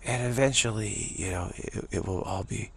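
Low gravelly man, halting spiritual monologue, mocking asides, raspy voice. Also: fairly bright tone. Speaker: spiritual speaker.

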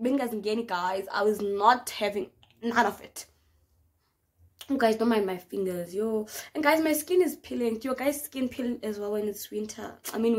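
A young South African woman telling a dramatic story in a casual vlog, with slang and an animated manner. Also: a little high. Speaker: vlogger.

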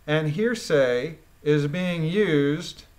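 A man with a slightly higher voice talks slowly and deliberately. He reads a court transcript aloud and keeps stopping to scoff at it with open disbelief. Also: darkish tone. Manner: incredulous, scoffing. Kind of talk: reading aloud with sarcastic commentary.

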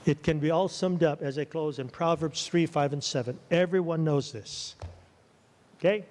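A man preaching a sermon in a church, animated and conversational, often checking in with the congregation. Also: fairly high pitch, moderate pace. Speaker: pastor. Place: church sanctuary. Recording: long church-hall reverb.

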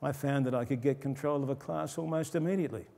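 An older man, a pastor, preaching a conversational sermon and dropping his voice low for quoted asides. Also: quick pace, vocal fry, warm tone. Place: church. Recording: long church reverb.

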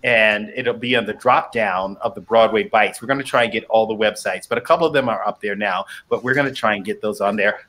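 A man hosting a casual live show, gushing and animated, laughing often. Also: on the low side, brisk, few pauses. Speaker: host.

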